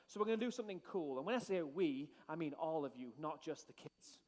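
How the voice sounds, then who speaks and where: Pastor, male, high-pitched, playful crowd-rouser; reverberant church hall. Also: expressive, a little fast. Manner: playful, hyped crowd-rousing with shouted cues. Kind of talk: energetic sermon to a congregation.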